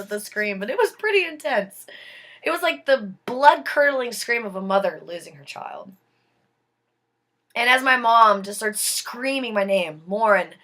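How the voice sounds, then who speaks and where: A woman with a somewhat high voice narrates her own life in a slow, deliberate, casually dramatic way. She goes quiet, almost whispering, at the tense points.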